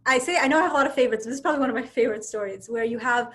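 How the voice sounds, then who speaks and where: A woman with a slightly high voice shares a religious story over a video call. She talks in a lively, chatty way, restarting phrases and checking in with "right?" as she goes. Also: very fast. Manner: animated storytelling, frequent restarts and tag questions. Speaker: speaker giving a religious reminder. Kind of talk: casual religious storytelling talk.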